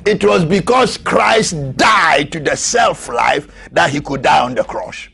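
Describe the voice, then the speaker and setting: A man preaching a sermon, swinging from shouted peaks to low murmurs and laughing often. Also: slow, creaky, slightly rough, soft background music.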